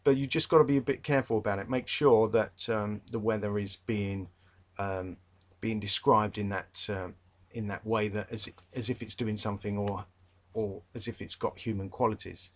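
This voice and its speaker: An English literature tutor with a London accent speaks in a fairly low, steady voice at normal speed. His chatty revision talk for literature students wanders, packed with fillers and restarts, and he's emphatic about one pet peeve.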